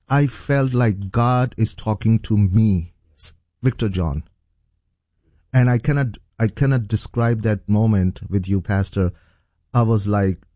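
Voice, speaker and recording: A man's voice: medium pitch, warm tone, no room sound, studio quality. A middle-aged man from Pakistan, a pastor, earnestly telling his personal testimony as an interview guest. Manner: earnest, storytelling.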